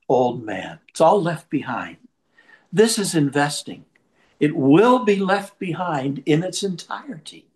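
Male preacher, slightly higher voice, very animated, storytelling sermon. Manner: lively storyteller, shifts pace for effect. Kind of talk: sermon with personal anecdote.

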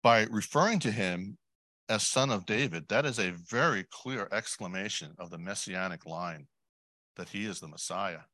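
Low-voiced man giving a chatty sermon. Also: normal speed, bright, forceful tone, no room sound. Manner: conversational, with asides and audience questions; clears throat often. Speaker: lay preacher.

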